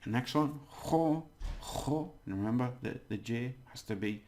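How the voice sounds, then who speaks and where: A man's voice: fairly low pitch, fairly quick. A man giving a casual video language lesson, chatty, exaggerating words to demonstrate them and laughing at his own slips. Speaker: language teacher.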